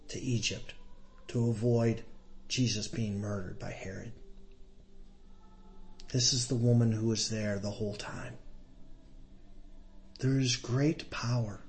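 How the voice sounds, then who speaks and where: A man preaching a Catholic sermon, earnest and emphatic, often turning soft and hushed as he addresses his brothers and sisters. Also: mid-range voice.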